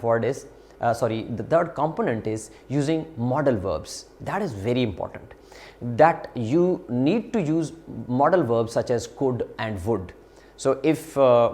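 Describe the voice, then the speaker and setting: Man giving a halting recorded lecture. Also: mid-range voice, darkish tone. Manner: explanatory, repeats himself, many restarts and fillers. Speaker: university lecturer.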